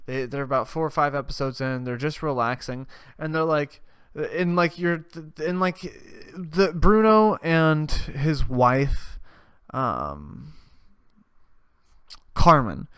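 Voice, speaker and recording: Rambling, swearing podcast host, smooth voice. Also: male voice, fairly high pitch, expressive, slow pace, a bit bright, no room sound, clean studio sound. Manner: rambling, swears, laughs often. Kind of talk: casual rambling recap.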